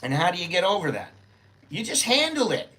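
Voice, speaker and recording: His voice sits high and sounds bright and forceful, very animated and fairly quick. He's an older man from the United States who vlogs from Thailand, rambling through a chatty, unscripted monologue as he thinks out loud.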